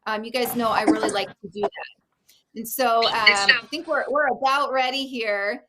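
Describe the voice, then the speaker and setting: A woman's voice: a little high, steady tone, moderate pace, a loud crowd. A woman hosting a live talk show, chatty and casual, often laughing and reacting to viewer comments. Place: Oregon.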